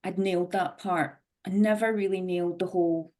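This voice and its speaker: A woman's voice: lowish voice, fairly even intonation, moderate pace, darkish tone. A woman on a video call talking candidly about her fitness journey, rambling a bit and restarting her sentences. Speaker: program participant. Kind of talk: sharing a personal story on a video call.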